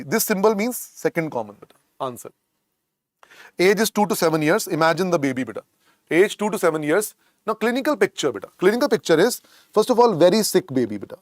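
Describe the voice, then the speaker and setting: A man's voice: high-pitched, dry recording, clean studio sound. A man with an Indian accent teaching a medical exam class. He drills each term over and over and mixes in Hindi words. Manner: drills terms by repetition, calls students "beta". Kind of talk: classroom lecture.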